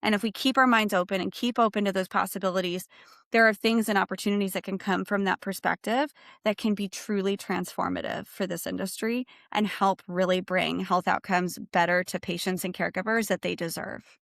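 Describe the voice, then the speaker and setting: A woman's voice: mid-range voice, fairly even intonation, a little fast, gravelly, fairly bright tone, dry recording, clean studio sound. A woman speaking as a guest on a livestream discussion. She talks earnestly and reflectively in long, flowing sentences. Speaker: guest, bereaved parent.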